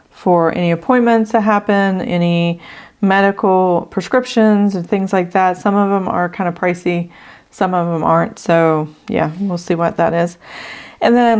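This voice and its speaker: Tallying numbers out loud and using filler words, the host of a budgeting channel walks casually through her budget. She is a middle-aged woman with a low, somewhat mellow voice, a little breathless due to allergies.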